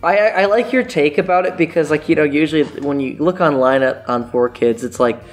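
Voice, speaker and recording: A man's voice: a little high, brisk, soft background music. A man chatting as a podcast guest, hesitant and full of fillers, often trailing off. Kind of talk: casual podcast chat.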